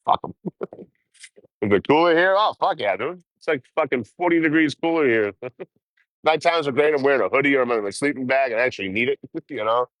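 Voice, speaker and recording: A young man hosts a casual livestream while riding a train outdoors, swearing, laughing and chatting with viewers. His voice is medium-pitched, expressive and brisk, with a fairly bright tone and no echo.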